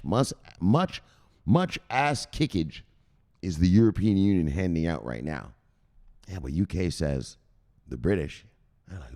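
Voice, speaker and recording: With a deep voice and moderate pace, this crypto news show host delivers casual, excitable commentary laced with profanity, shouting "bang" to punctuate his points.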